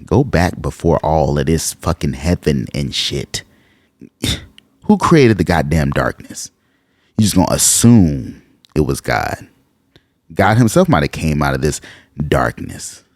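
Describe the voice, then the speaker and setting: Very deep gravelly-voiced man lecturing. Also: darkish tone, no echo. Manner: profane, blunt, musing aloud. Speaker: occult lecturer. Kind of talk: casual lecture reading from texts.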